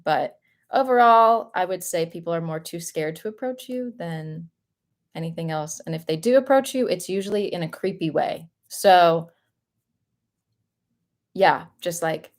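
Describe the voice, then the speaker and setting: A young American woman with a light Southern accent, chatting casually and laughing often as she answers viewer questions on a livestream. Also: fairly low pitch. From United States. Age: young adult.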